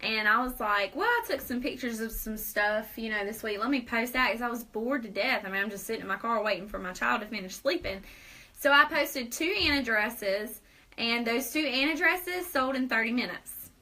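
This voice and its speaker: A woman's voice: on the high side, animated, normal speed, bright, forceful tone, low-quality recording. A young woman hosting a live video Q&A, upbeat and persuasive, laughing often. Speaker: host.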